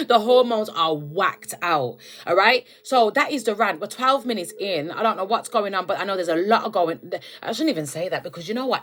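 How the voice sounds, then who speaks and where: A woman's voice: medium pitch, fairly quick, hardly any pauses, a bit bright. A young woman giving a casual, emphatic spiritual rant to her viewers, calling them babes and collective. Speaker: spiritual content creator.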